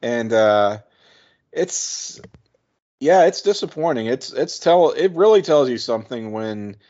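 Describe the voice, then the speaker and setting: A man's voice: mid-range voice, lively intonation, a little slow, darkish tone, muffled recording. A man co-hosting a podcast, giving wry, exasperated opinions in casual chat. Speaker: podcast co-host. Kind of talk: casual chat reviewing wrestling.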